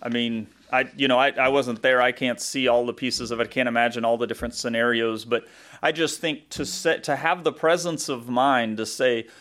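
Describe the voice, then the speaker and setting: A man's voice: mid-range voice, fairly even intonation, normal speed, fairly bright tone. A man with a Southern US accent, a pastor preaching a conversational sermon, thinking aloud with asides and self-corrections.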